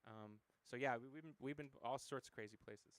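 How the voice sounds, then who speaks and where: Rambling fast-talking American man. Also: medium pitch, fairly bright tone, no echo. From United States. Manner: rambling storyteller, many fillers and acted quotes. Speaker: interview guest, musician. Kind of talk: casual interview conversation.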